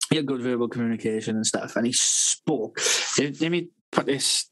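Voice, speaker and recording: A man's voice: mid-range voice, normal speed, a bit bright, low-quality recording. A man, a podcast co-host, telling a long rambling story full of swearing and laughter in a casual chat.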